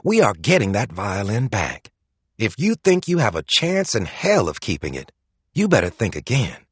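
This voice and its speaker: A man's voice: on the low side, wildly swooping pitch, normal speed, slightly rough, dry recording, heavily acted. A man voicing a scheming older woman who gushes with false sweetness. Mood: threatening.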